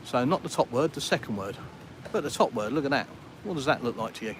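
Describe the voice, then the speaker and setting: Out on a town street with traffic and a noisy background, a British vlogger chats with live viewers during a walking vlog. He's rambling and self-deprecating, speaking fast in a mid-range voice with lively intonation and a British English accent.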